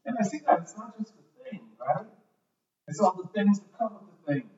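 Here a man delivers a sermon in a high, slightly mellow, animated voice at normal speed, reading scripture and speaking casually with asides and repeated words. Sound is dull, and he is heard from a distance in an echoing hall.

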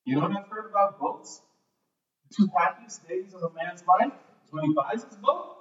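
A man's voice: sits high, expressive, normal speed, fairly bright tone. A man preaching a sermon, reading scripture and talking in a conversational way with repeated words and asides. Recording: echoey hall, voice from far off, dull sound.

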